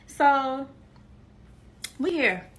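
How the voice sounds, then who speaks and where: Young woman, casual storytelling, emphatic, repeats lines, higher pitch, faint background noise. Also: expressive, very slow. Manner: emphatic, repeats herself, addresses listeners as y'all.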